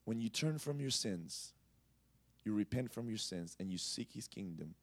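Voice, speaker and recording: A man preaching a sermon at a church service, impassioned and conversational, swinging between loud exclamations and soft asides. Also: fairly low pitch, expressive, normal speed. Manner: conversational, with frequent "you know". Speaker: pastor.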